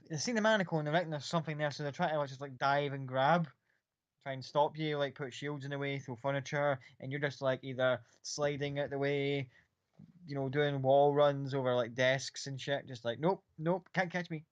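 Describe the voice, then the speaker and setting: A man's voice: fairly high pitch, dry recording, highs cut off. A man running a tabletop game as game master, narrating in a loose, rambling way with casual swearing.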